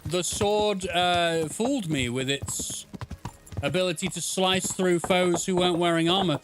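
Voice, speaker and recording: A man's voice: high voice, a little slow, noisy background. A young man streaming a game, chatting casually and swearing, laughing at the chaos. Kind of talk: casual gameplay commentary.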